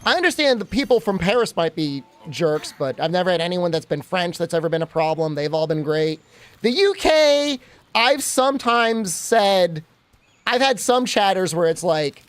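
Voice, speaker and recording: A man's voice: sits high, very animated, moderate pace, a bit bright, smooth, no echo. A man streaming a game, rambling and joking with his chat in a casual way. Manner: rambling, joking, talks to chat while playing.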